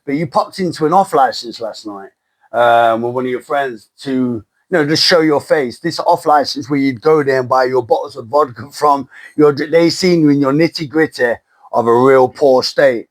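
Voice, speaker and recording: A man's voice: medium pitch, moderate pace. Earnest man steering a recovery chat. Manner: earnest, encouraging, leads the questions. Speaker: podcast co-host in recovery. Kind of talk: casual chat.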